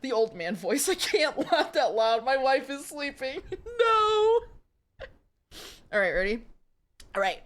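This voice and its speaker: A woman's voice: high voice, big pitch swings, slow, long pauses. A woman streamer reading a story aloud and joking about it, giggly and self-mocking. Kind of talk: reading smut aloud with live commentary.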